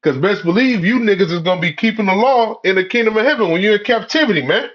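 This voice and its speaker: A man's voice: high voice, lively intonation, fast. A man in a rambling, profane, preachy monologue, full of "you know" and "man" fillers. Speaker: religious commentator. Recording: dull lo-fi audio.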